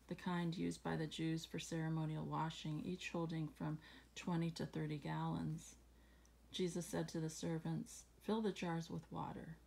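Low gravelly woman reading scripture softly. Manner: reads scripture slowly, then muses with fillers and soft laughs. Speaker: Bible reading channel host. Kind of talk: casual Bible reading and reflection. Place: at home.

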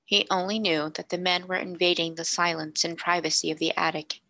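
A woman reading a classic novel aloud in a measured, expressive narration. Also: fairly low pitch, dry recording. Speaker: storybook reader.

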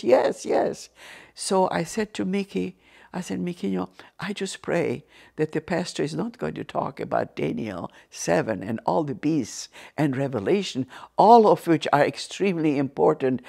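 A woman's voice: low voice, creaky. An older woman from Ukraine with a Ukrainian accent, telling her life story earnestly as an interview guest. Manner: earnest, animated storyteller with frequent restarts. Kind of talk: personal testimony storytelling.

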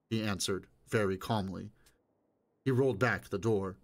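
A man reading a novel aloud as audiobook narrator, in a steady, measured way. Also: lowish voice.

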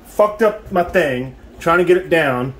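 A man's voice: on the high side, animated, measured pace, a bit bright, a little hiss or hum, low-quality recording. A man filming a casual vlog at home, rambling and swearing as he talks to the viewer. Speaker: vlogger. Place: at home, indoors.

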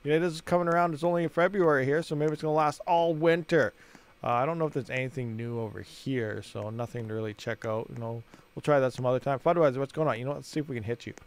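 A man's voice: medium pitch, fast. A man hosting a gaming channel, rambling and thinking aloud as he plays and talks to his viewers. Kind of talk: casual gameplay commentary.

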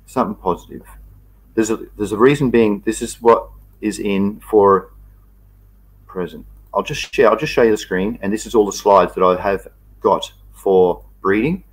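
A man's voice: lowish voice, moderate pace, husky. A man with an Australian accent hosting a casual livestream, reading out viewer comments and greeting each viewer by name in a laid-back, colloquial way. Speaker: livestream host.

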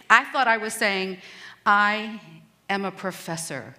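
A woman's voice: mid-range voice, unhurried, bright, forceful tone. A middle-aged American woman giving a self-deprecating, humorous stage talk at a conference. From United States.

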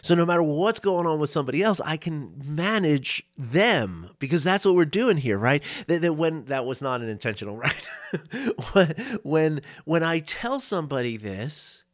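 A man's voice: on the high side, animated, moderate pace, dry recording, studio quality. A man coaching on a solo podcast, talking casually and often checking in with "right?" and small laughs.

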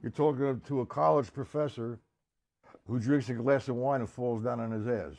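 A man teaching a live-streamed drum lesson, chatting with viewers by name in a halting, casual way. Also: medium pitch, steady tone, creaky, a little mellow, soft background music. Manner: halting, restarts and fillers. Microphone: computer or camera mic on a live stream.

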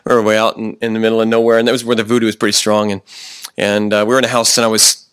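A pastor preaching a sermon, often slowing down for emphasis and restarting his sentences. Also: on the low side, completely flat delivery, a bit bright, smooth, dry recording. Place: church.

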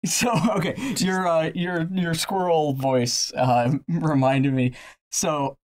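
A man co-hosting a casual let's-play, chatting and shouting excited, swearing outbursts at the game. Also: a little high, slow pace. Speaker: gaming channel co-host.

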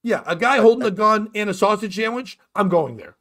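A man's voice: high voice, lively intonation, brisk, fairly bright tone. A man hosting a casual comedic talk show, riffing and ranting with lots of swearing. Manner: profane, riffing, rambling rants. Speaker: podcast host.

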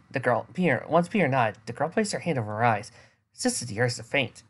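Very deep-voiced woman reading a story. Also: big pitch swings, fairly quick, slightly rough. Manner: reads with small stumbles and restarts. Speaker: reader. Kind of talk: fan fiction reading aloud.

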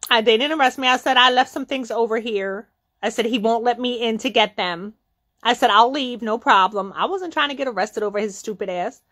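Middle-aged woman, somewhat high voice, animated storyteller who swears freely. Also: fairly quick. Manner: animated, profane, acts out quotes with sudden pitch jumps. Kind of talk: casual storytime monologue.

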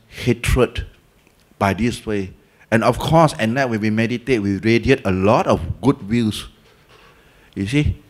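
A Buddhist teacher speaking Singaporean-accented English, at medium pitch, delivers a Dhamma talk. He narrates lively, voicing the people in the story, and his colloquial style weaves in local Malay and Hokkien terms.

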